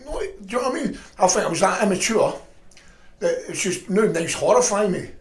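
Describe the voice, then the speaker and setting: A middle-aged man telling stories in a profane, rambling, animated way. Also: high-pitched, fairly quick, reverberant. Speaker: podcast guest. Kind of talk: casual storytelling chat.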